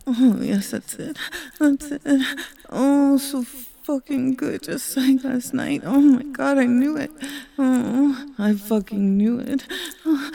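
Breathy woman in whispered role-play. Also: a little high. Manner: breathy, pleading, moaning, soft murmurs. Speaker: audio role-play performer.

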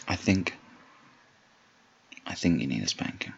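Man, deep and husky, whispered role-play, slow and dominant, teasing tone, muffled lo-fi take. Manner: slow, low murmured delivery.

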